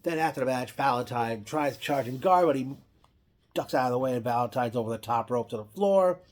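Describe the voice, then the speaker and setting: A man's voice: mid-range voice, a little fast. A man casually recapping an old wrestling event, rambling with frequent restarts and self-corrections.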